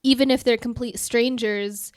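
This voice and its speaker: Chatty woman guest, bright voice. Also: fairly high pitch, fairly even intonation, moderate pace, no echo, studio quality. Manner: chatty, lots of "like" and "you know". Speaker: guest content creator. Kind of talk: casual podcast interview.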